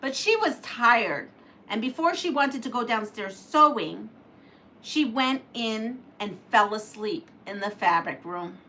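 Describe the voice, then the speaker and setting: A woman hosting a quilting livestream, reading out a homemade story and chatting with viewers, animated and laughing at her slips. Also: fairly high pitch, unhurried, slight background noise. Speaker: quilting channel host.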